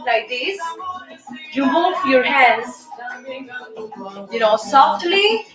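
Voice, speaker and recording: A woman's voice: high voice, lively intonation, slow. A Cuban woman with a Cuban Spanish accent hosts her show and teaches basic salsa steps, counting them out in a friendly, coaxing way. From Cuba. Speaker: show host and dance teacher. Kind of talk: casual show hosting with a salsa lesson. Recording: echoey room, voice picked up from a distance, music in the background.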